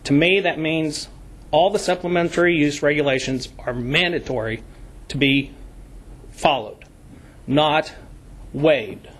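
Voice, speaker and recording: A man's voice: a little high, fairly bright tone. Guy at a county meeting mic, reading code rules, leaning on the big words. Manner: deliberate, emphatic, stresses key words. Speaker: public commenter at county meeting. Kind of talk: formal public comment, reading code sections. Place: county commission meeting room.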